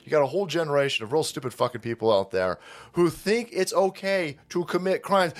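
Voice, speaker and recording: A man's voice: fairly high pitch, expressive, brisk. A man hosting a reaction video, delivering a profane, mocking comedic rant. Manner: mocking, sarcastic, swears constantly.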